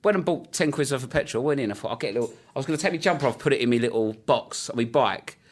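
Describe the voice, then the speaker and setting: A man hosting a comedy podcast, telling anecdotes quickly with lots of laughter and put-on voices for the people he quotes. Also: mid-range voice. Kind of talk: casual banter and anecdotes.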